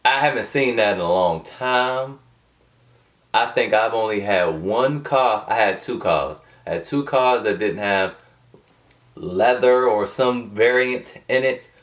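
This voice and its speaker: A man with a lowish voice chatting loosely to camera, wandering off into side stories and slang. He sits a bit back from the mic, so the sound is slightly distant. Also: takes it slowly. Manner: rambling, colloquial, digressive. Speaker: vlogger. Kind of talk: casual unscripted vlog.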